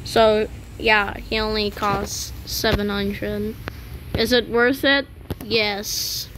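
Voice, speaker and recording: A woman's voice: medium pitch, little pitch movement, drawn-out words, noisy background. A woman giving casual commentary over gameplay, rambling and joking with meme references. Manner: rambling, jokey, meme-quoting. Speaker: gaming channel host.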